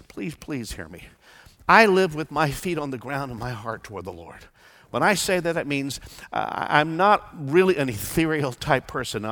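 A man preaching a sermon as pastor, swinging from hushed pleading to loud declaration. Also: medium pitch. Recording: long church reverb.

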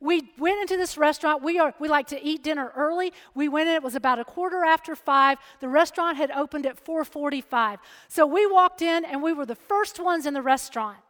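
A woman's voice: high voice, a little fast, hardly any pauses, fairly bright tone, in a large hall. A woman giving a sermon, moving from storytelling into emphatic preaching. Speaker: speaker at a church or chapel.

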